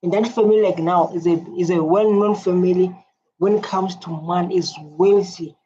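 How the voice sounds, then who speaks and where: A woman hosting a reaction video, talking in animated, repetitive casual commentary with a husky voice. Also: on the low side, moderate pace, dull audio, a little hiss or hum. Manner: animated, repeats phrases, many fillers and restarts.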